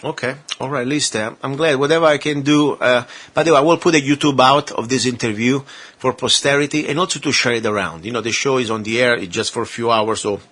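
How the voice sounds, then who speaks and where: A man's voice: medium pitch, quick pace, fairly bright tone. A male talk radio host interviewing a guest and making earnest, persuasive appeals to his listeners.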